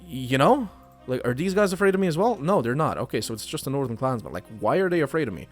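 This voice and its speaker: A man's voice: mid-range voice, very animated, fast, faint music behind. A man giving casual let's play commentary, chatty and thinking aloud while he plays. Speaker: gaming youtuber.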